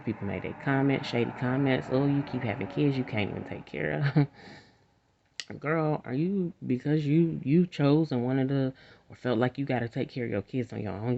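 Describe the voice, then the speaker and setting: A woman's voice: very deep voice, creaky. A woman talking in a casual monologue, rambling and frank, laughing often. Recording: dull lo-fi recording.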